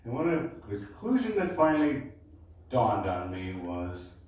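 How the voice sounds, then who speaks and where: A man, a baritone singer, casually introducing his show to a live supper club audience and often checking in with "okay?". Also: very animated, measured pace, darkish tone. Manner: chatty, keeps checking in with "okay?". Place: supper club performance room. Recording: echoey room, distant mic.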